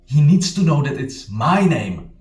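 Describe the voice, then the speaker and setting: A man's voice: fairly high pitch, very animated, a little slow, darkish tone, distant mic. A man giving an explanatory language lesson as a teacher, talking emphatically and repeating his key points. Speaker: Japanese teacher. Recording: roomy, off-mic, faint music. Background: faint background music.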